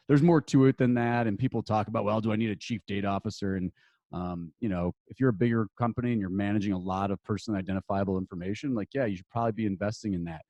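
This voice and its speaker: Relaxed low-voiced man explaining law casually. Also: no room sound, lo-fi sound. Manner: loose and conversational, many fillers and restarts. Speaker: podcast guest, attorney and marketer. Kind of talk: casual podcast conversation.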